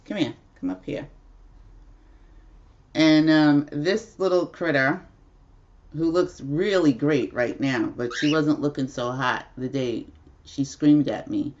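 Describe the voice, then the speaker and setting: At home on a casual livestream, a female host tells a rambling story, chatty and laughing often. Her voice is low-pitched, slow, and a little mellow, and the sound is lo-fi.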